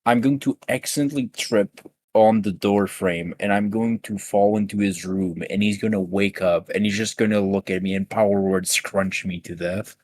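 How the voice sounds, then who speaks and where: A man's voice: fairly low pitch, steady tone, normal speed, hardly any pauses, darkish tone, no echo. A man in casual post-game chat who jokes by building up comic worst-case scenarios. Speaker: tabletop game player.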